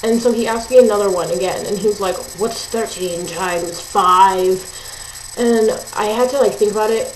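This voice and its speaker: A woman's voice: mid-range voice, fast, few pauses, dark tone. A teenage girl telling a ranting story at home, chatty and exasperated, with lots of "like" and "um". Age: teens. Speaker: vlogger. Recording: roomy echo, faint hiss.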